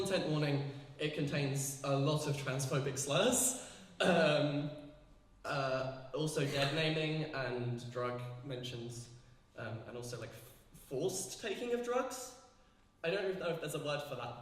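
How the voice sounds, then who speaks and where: A woman's voice: deep voice, expressive, unhurried, distant mic. A young woman from performs her own poetry at a live gallery poetry night. Between poems she turns hesitant and leans on fillers. Her voice rings through a very echoey hall with a long, hanging reverb. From England. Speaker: poet.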